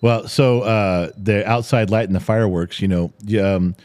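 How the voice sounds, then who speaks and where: A middle-aged podcast co-host tells family stories in casual chat, animated and swearing now and then. His voice is fairly low-pitched at a normal speed, with no echo.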